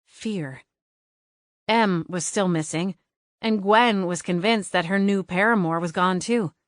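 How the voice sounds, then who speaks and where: A woman narrating an audiobook in first person with an expressive, dialogue-driven reading. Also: medium pitch, takes it slowly, dry recording, clean studio sound.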